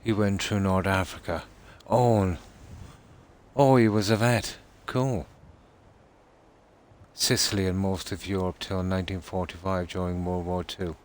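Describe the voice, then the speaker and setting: A man with an Irish accent chats on a live stream, speaking in a deep, low voice. He talks slowly and easily, reading out viewer comments and answering them at length. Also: fairly even intonation. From Ireland. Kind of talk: casual live-stream chat.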